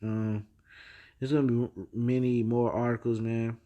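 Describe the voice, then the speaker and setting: A man's voice: mid-range voice, flat delivery, a little slow, warm tone, lo-fi sound. Guy rambling over the news, lots of slang and um's and restarts, reads out bible verses. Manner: reads news and scripture aloud. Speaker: religious video host. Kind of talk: casual news commentary.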